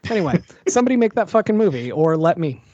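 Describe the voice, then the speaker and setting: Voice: medium pitch, sing-song, quick pace, warm tone, dry recording, muffled recording. A podcast co-host chatting casually about a movie, laid-back and wry, swearing now and then.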